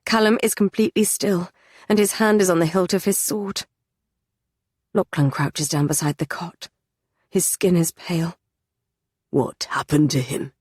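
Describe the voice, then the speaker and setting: A woman narrating a fantasy audiobook in the first person, measured and even. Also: lowish voice, husky, no echo, clean studio sound.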